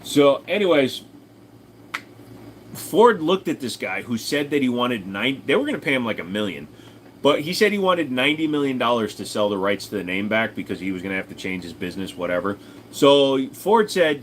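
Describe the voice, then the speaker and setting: A man's voice: mid-range voice, very animated, moderate pace, a little hiss or hum. A man streaming live, chatting casually and rambling as he answers viewers, swearing freely. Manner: rambling, profane, answers chat. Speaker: streamer reading chat.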